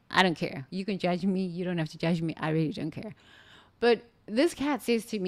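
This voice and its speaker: A woman from southern Africa, telling a spiritual story in an animated, exclamatory way with many restarts. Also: medium pitch, a little slow. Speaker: spiritual speaker.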